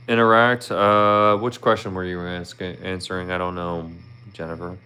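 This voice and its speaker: A man's voice: sits low, flat delivery, takes it slowly, long pauses, bright, forceful tone, clear, resonant tone. A man from Philadelphia with a Philly accent, casually chatting with viewers on his live stream, asking them questions and laughing often. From Philadelphia, Pennsylvania. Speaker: YouTuber hosting a live stream.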